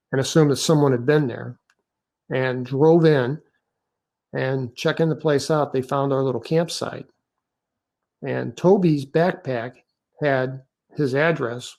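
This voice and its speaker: An older man in his sixties giving a storytelling lecture about his own experience, conversational and halting with many fillers. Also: mid-range voice, gravelly, darkish tone.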